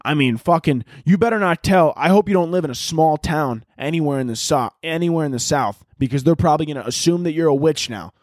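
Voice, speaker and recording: A man's voice: a little high, fast, hardly any pauses, no room sound, studio quality. Rambling, crude-talking male podcast host. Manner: crude, rambling, jumps into loud shouted bits. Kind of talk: casual comedic monologue.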